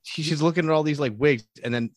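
A man's voice: a little high, quick pace, no echo, clean studio sound. A man co-hosting a podcast in casual chat, telling stories with lots of laughter. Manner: animated storytelling, frequent laughs. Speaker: podcast co-host.

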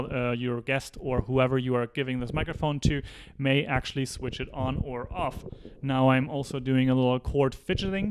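A man with a smooth, resonant voice walks through a microphone test one step at a time. He explains each setup plainly as he holds the mic or moves closer and further away. It is recorded indoors on the microphones under test. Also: medium pitch. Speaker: video creator testing microphones. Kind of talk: explanatory gear demonstration. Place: indoor room. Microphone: handheld and desk microphones at changing distances.

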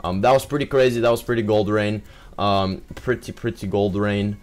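A young man giving excitable live commentary over his own gameplay, full of exclamations and fillers. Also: lowish voice, normal speed.

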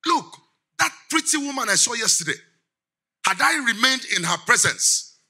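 A middle-aged man, giving a lively sermon as guest speaker, laughing often and quizzing the congregation. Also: very high-pitched, normal speed, breathy edge.

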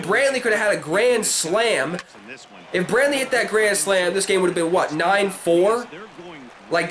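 A man with a high voice gives excitable live gameplay commentary, swearing and shouting at what happens on screen. Loud stadium crowd noise from the game sits behind his voice. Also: poor audio. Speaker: gaming commentator.

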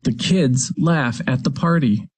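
A man's voice: medium pitch, slow pace, a little mellow, slightly rough, no echo. A man reading spelling words in a scripted dictation, saying each word, a sentence with it, then the word again. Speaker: recorded dictation voice.

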